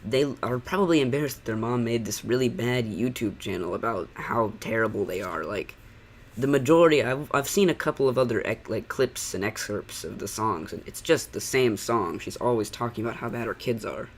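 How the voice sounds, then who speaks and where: There's slight background noise as a man with a medium-pitched, expressive voice talks a little fast. A channel critic, he rambles sarcastically through reaction commentary, using "like" heavily while poking holes in what he watches.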